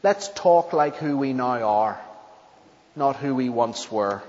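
Male preacher with a mid-range voice, slow and earnest, long reverb in the church. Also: medium pitch, lively intonation, darkish tone, highs cut off. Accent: not English. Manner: earnest, measured delivery with deliberate pauses. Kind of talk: sermon and closing prayer.

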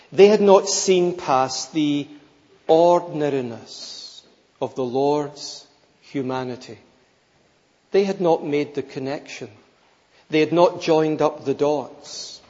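A man's voice: on the high side, warm tone. A man preaching a sermon, emphatic and rhetorical, repeating key phrases for weight. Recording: long reverb, slightly dull sound.

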